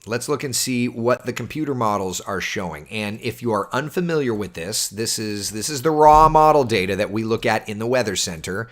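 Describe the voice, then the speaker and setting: A man's voice: fairly low pitch, a little fast, hardly any pauses. A man, a TV meteorologist, chatting casually on a livestream and answering viewer questions. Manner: chatty, animated, reads viewer comments aloud.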